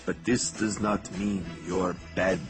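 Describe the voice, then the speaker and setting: An actor playing a gruff, kind-hearted hulking wrestler who speaks slow, broken English, heard in a trailer clip over loud music. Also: male voice, low-pitched, flat delivery. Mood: earnest. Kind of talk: film trailer dialogue.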